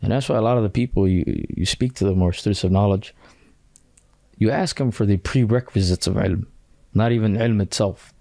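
Man, gravelly, low, blunt casual talk, Arabic quotes, dry close sound. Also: brisk, dark tone, dry recording. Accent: British. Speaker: guest scholar. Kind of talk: casual podcast discussion.

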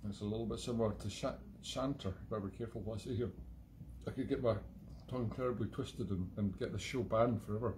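A man's voice: on the low side, fairly even intonation, fast talker, a little mellow, a little hiss or hum. Chatty Scottish man rambling to viewers. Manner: chatty, digressive, self-mocking humour. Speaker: host of a live-streamed music show. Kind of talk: rambling casual monologue. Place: at home.

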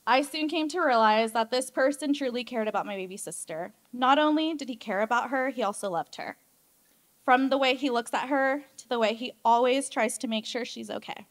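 A woman's voice: a little high, fairly quick. Giggly woman giving a wedding toast. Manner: giggly, emotional, chatty. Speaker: maid of honor giving a toast. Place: wedding reception hall.

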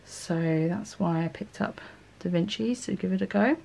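Low, gravelly-voiced woman art vlogger. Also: moderate pace, a little mellow. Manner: chatty, thinking aloud, self-correcting. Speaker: art channel host. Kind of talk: casual talk while swatching paints.

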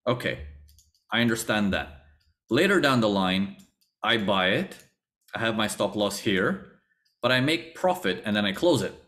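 A man's voice: on the low side, measured pace, pauses often. A man teaching a trading webinar, telling his own story with acted-out thoughts and repeated phrases. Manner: animated storytelling, acts out his past thoughts. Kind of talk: webinar lecture.

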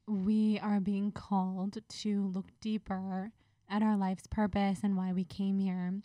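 A woman's voice: mid-range voice, warm tone, no room sound. A woman guest on a podcast, talking in an earnest, reflective way with a bit of a Valley Girl lilt. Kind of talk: casual chat.

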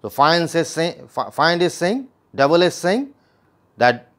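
A man walks through a classic play line by line, his voice rising and falling a great deal as he explains. It sits a little higher than most men's. After each quoted line he repeats the meaning in simple words. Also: very animated, unhurried, a bit bright. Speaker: literature teacher.

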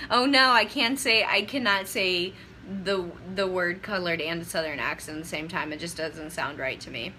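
A young woman livestreaming casually from a phone camera rambles, gets sidetracked and hands out advice to her viewers. Her voice is on the low side, bright and forceful, with a steady tone at normal speed, and the rough recording has slight background noise.

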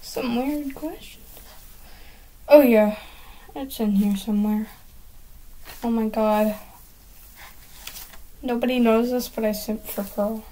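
A woman reads her own story aloud at an unhurried pace, her voice sitting a little high. She breaks off to comment and giggle at her own writing. A faint hiss runs under the recording. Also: steady tone, warm tone, poor audio. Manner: giggly, self-commenting between sentences. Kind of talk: casual reading aloud of a handwritten story.

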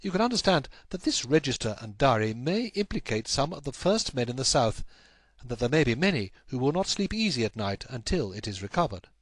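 A man's voice: medium pitch, sing-song, brisk, dry recording. Sherlock Holmes, as a male narrator puts him on. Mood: grave. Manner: raised, emphatic and declamatory. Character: brilliant intense Victorian male detective.

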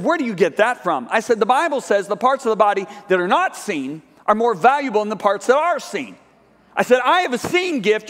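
High-voiced man preaching in a reverberant church. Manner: animated storytelling, acts out dialogue. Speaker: guest preacher. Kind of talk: sermon storytelling. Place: large church sanctuary. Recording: live church hall reverb.

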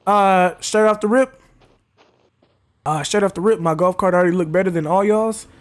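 A man streaming a game with casual commentary, bragging playfully and now and then shouting at game characters. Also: high voice, moderate pace. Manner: boastful, playful trash talk. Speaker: gaming streamer. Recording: loud game sound behind voice.

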